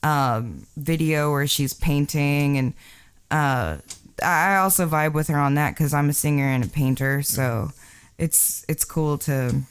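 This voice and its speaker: Casual podcast co-host from Texas; smooth, clear voice; rambles with lots of "um" and "like". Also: medium pitch, unhurried. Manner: chatty and rambling, many fillers, laughs often. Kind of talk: casual chat.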